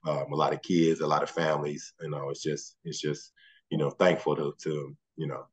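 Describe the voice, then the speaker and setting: A man, a guest speaking softly and trailing off with "you know". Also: extremely low pitch, little pitch movement, moderate pace, breathy edge. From Mississippi, USA. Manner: soft-spoken, trails off often with "you know". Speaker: guest, former basketball player and coach. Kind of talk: relaxed interview chat.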